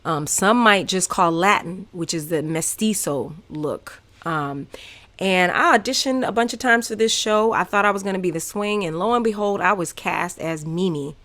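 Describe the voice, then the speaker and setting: A woman in her thirties with a Southern American accent hosts her own podcast and tells stories from her life. Her voice sits a little low, and she talks candidly and with energy, full of fillers and asides. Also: moderate pace. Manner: candid, animated, many fillers. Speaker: podcast host. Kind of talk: casual personal storytelling.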